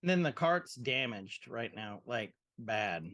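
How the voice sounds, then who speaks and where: A man's voice: mid-range voice, expressive, slow, a bit bright, no echo. A man co-hosting a podcast, retelling a cartoon episode scene by scene and acting out the characters' lines in casual chat. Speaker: podcast co-host. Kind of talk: casual chat recapping a show.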